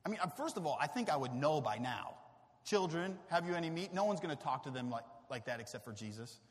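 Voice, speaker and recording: A man in his thirties preaching a sermon in a church, animated and acting out exasperated voices. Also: mid-range voice, quick pace. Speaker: pastor. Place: church sanctuary. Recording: reverberant church hall.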